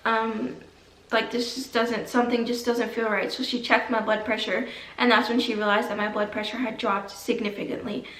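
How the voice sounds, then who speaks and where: Young woman, vlogger, chatty dramatic storytelling, slightly high voice, echoey room, mic at a distance. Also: a bit bright. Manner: chatty, dramatic retelling with many "like"s. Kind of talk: casual storytelling to camera.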